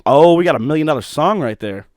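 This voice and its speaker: A young man talks into a close mic at home, swinging his pitch up and down as he tells a rough, profane story and breaks into laughter. The sound is dry and close, with no room echo. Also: animated, fast talker, darkish tone. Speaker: podcast host. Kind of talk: solo podcast monologue.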